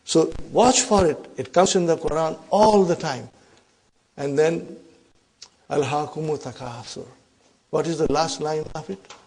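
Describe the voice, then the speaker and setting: A man with a fairly high-pitched voice teaches an Arabic grammar class in English. He recites verses at speed, then breaks them down, often asking the class whether they follow. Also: steady tone, unhurried, a little mellow. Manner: checks in with the class, asking "huh?" and "are you with me?".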